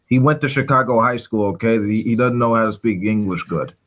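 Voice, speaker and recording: A man in a casual online commentary chat, deadpan and sarcastic. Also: lowish voice, a little fast. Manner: sarcastic, deadpan mock defenses.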